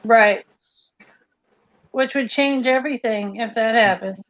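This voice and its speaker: A woman joins a casual livestream chat, playful and quick to joke. Her voice sits a little high. The sound is dry and dull, like a low-fi mic. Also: a bit bright, dry recording. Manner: playful, jokey, quotes old comedy routines.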